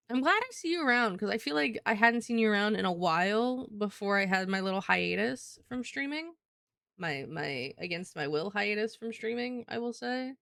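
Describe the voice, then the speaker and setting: A woman's voice: a little high, lively intonation, normal speed, vocal fry, fairly bright tone, no room sound, clean studio sound. A young woman chatting casually on a livestream, rambling and swearing as she talks with viewers. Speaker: streamer.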